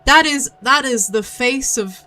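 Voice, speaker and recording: Her voice is high-pitched and sharp in tone, a little slow in delivery. This VTuber streamer gives casual, playful commentary on a mystery game, chatting away with giggly asides.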